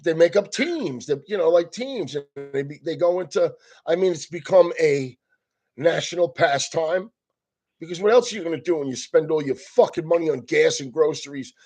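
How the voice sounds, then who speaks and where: A man's voice: on the high side, moderate pace, darkish tone. A man comedian on a casual, profane rant, swearing constantly and breaking into laughs mid-sentence.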